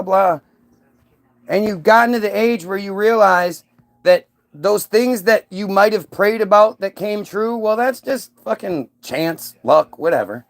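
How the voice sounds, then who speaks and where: A man delivering a solo rant, agitated and profane, stumbling over repeated words and slipping into sarcastic mimicry. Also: sits high.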